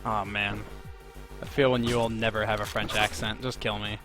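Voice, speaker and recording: A man's voice: on the low side, level tone, normal speed. A man talks through a video game while streaming, loose and profane, swearing casually and drifting between tips and chat. Faint game music plays behind him. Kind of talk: live game commentary.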